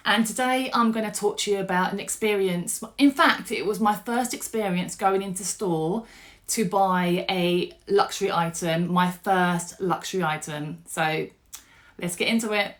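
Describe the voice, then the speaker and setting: Woman, middle-aged, casual storytelling, animated, chatty. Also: medium pitch, a little slow. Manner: animated, chatty, with fillers and restarts. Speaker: vlogger.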